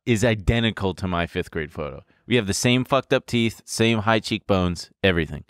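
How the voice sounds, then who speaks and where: Low-voiced joking podcast man. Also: expressive, moderate pace, no echo, clean studio sound. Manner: joking, teasing, swears freely. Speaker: podcast co-host. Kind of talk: casual podcast banter.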